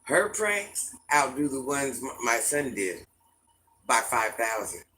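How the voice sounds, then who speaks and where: A middle-aged man hosting a casual livestream, telling stories and answering his chat in a lively, repetitive way. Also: mid-range voice, takes it slowly, poor audio. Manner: repetitive, animated storytelling, often restarts phrases. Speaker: livestream host talking to chat viewers.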